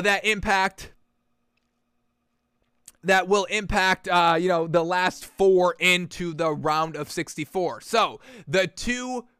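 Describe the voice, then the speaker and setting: A man hosting a sports show, chatting excitedly about free agency and betting picks, with lots of fillers. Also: sits high, clean tone, dry recording, clean studio sound. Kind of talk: casual sports betting talk.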